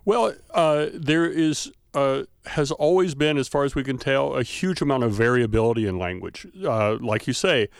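A male linguistics professor from the American South with a light Southern accent, explaining things thoughtfully with many pauses. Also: medium pitch, vocal fry, clear, resonant tone, dry recording, clean studio sound. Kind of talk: expert interview.

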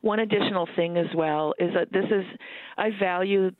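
A male doctor with a fairly high voice joins over a narrow, phone-like line. He chooses his words carefully and often restarts his sentences. The sound is dry. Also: fairly even intonation, normal speed, dry recording. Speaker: physician guest. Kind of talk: expert advice on a call-in show.

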